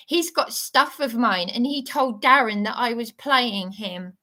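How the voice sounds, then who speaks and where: A woman talks slowly into her live stream, her voice shaky and worked up. She sounds indignant and keeps stumbling over her words. Her tone is high and bright. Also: expressive. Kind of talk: agitated live-stream monologue.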